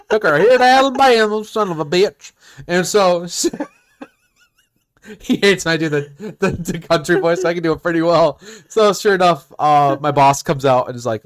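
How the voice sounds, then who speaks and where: A man on a casual podcast, telling a work story in an animated, profane way. He breaks into laughs often, and his voice sits a little on the high side. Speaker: podcast host.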